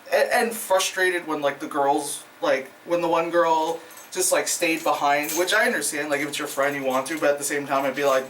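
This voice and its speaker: A vlogger rambles through a casual movie review, cursing freely, laughing often and filling every gap with "like" and "you know." The voice sits at a mid pitch and sounds set back from the microphone. A faint hiss of background noise runs underneath. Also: recorded from a distance. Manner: rambling, profane, laughs often, many fillers. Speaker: film reviewer.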